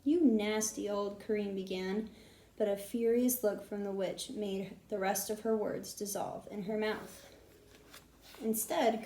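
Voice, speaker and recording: A woman reads a children's storybook aloud, steady and expressive, in a gravelly, mellow voice. The recording has a roomy echo around her. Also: medium pitch, slight background noise. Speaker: audiobook narrator. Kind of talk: storybook reading.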